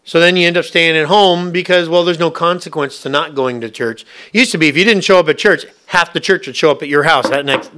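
A man's voice: on the high side, brisk, hardly any pauses, sharp tone. A man preaching a sermon, asking his listeners question after question in a conversational way. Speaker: pastor.

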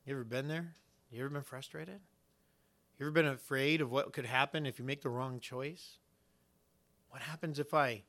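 A man preaching a sermon, earnest and building to loud emphasis as he acts out the replies of God and friends. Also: mid-range voice, fairly even intonation, moderate pace, long pauses. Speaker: pastor.

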